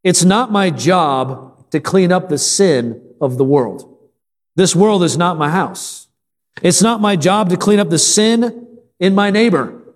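A man preaching a sermon as pastor, repeating lines for emphasis and calling out to the congregation for answers. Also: high voice. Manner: call-and-response with the congregation. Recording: long hall reverb.

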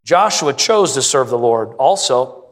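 Man preaching emphatically in a reverberant hall. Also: a little slow. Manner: emphatic preaching, rising to an excited pitch on repeated lines. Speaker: pastor. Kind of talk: sermon.

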